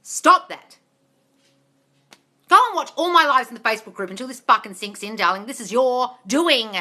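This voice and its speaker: A fast-talking woman with a fairly high pitch, lively intonation and a sharp tone, she's a manifestation coach live on her phone. She reads her viewers' comments aloud, answers them in a Q&A chat, calls them darling, and swears bluntly throughout.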